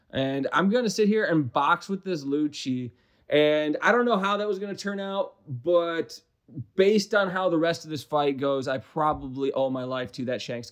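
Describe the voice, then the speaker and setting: Young Midwestern man, slightly high voice, casual rambling game commentary, self-deprecating and profane. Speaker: gaming commentator.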